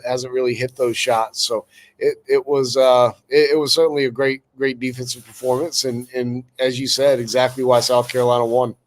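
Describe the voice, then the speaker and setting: A male co-host breaking down a college football game at a steady, measured pace, with plenty of fillers. His voice sits at a middling pitch. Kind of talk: casual sports analysis.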